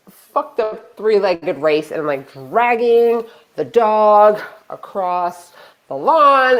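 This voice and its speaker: A woman telling a personal story on a live stream, lively and animated, acting out her own shouts and quoted lines. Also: fairly low pitch.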